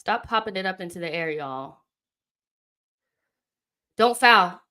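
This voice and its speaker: A young woman hosting a live football watchalong, reacting with exasperation and yelling at the referee and players. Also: lowish voice, expressive, fast, smooth.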